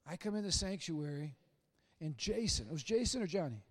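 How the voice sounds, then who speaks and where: A middle-aged man preaching a humorous sermon in a church sanctuary. He tells stories with jokes and swings from loud bursts to hushed asides. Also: on the high side, big pitch swings, a little fast, breathy edge. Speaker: pastor.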